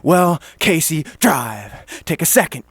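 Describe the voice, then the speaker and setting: Intense high-voiced male slam poet, dry. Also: very animated, slow, breathy edge, dry recording. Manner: intense and emphatic, building from low murmurs to shouting. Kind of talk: spoken word poetry performance.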